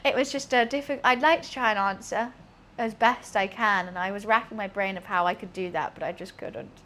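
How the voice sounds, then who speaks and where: A woman's voice: mid-range voice, fairly quick, a bit bright, slight background noise. A young woman chatting casually while she cooks at home, rambling and laughing at herself. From Britain. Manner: chatty and self-deprecating, rambling with fillers. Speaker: cooking streamer. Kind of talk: casual chat while cooking. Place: home kitchen.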